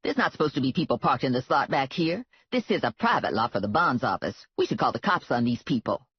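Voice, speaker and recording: The narrator voicing a loud, sassy woman sidekick who talks in a brassy, bossy, slangy way. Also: mid-range voice, very animated, quick pace, a little hiss or hum. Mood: chatty. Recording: dull lo-fi, dry.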